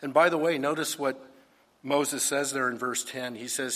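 Husky male pastor in a reverberant hall. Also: medium pitch, fairly even intonation, normal speed, a bit bright. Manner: emphatic, with rhetorical questions. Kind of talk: sermon.

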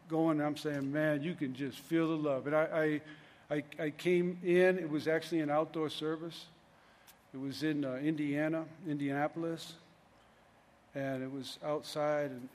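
A man's voice: fairly high pitch, level tone, moderate pace, a little mellow, big-room sound. A middle-aged man preaching a sermon in a loose, conversational way, often restarting his sentences. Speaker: pastor.

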